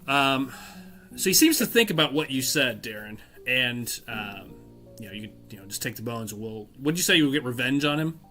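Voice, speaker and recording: A man running a tabletop game as game master, talking in a casual, relaxed way. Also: mid-range voice, moderate pace, faint music behind. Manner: casual, relaxed, chatty with fillers.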